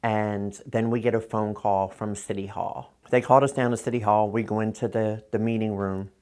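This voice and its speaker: A woman's voice: very deep voice, steady tone, moderate pace, a little mellow. A middle-aged woman from Philadelphia, a trans activist telling her own story in a blunt, candid interview, swearing freely and acting out what others said.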